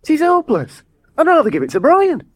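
A man's voice: very high voice, wildly swooping pitch, fairly quick, heavily acted. A man doing a brusque nativity director. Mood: exasperated. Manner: brusque and exasperated.

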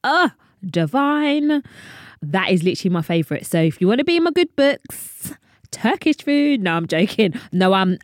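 A woman's voice: on the low side, a little mellow, no room sound, clean studio sound. A young woman hosting a faith podcast, chatty and earnest, often wandering off topic. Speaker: podcast host. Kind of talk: personal faith talk to listeners.

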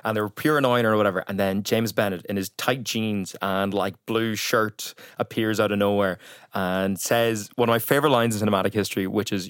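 A man's voice: lowish voice, normal speed, a bit bright, smooth, no echo, studio quality. A young Irish man chatting casually as a podcast guest, laughing and acting out film lines as he tells the story. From Ireland. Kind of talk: casual chat.

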